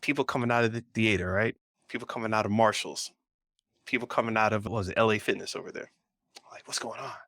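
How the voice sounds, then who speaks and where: A man's voice: lowish voice, quick pace, no room sound. A man co-hosting a pop culture podcast, telling a rambling story in casual chat. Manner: rambling storyteller, animated retelling. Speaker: podcast co-host.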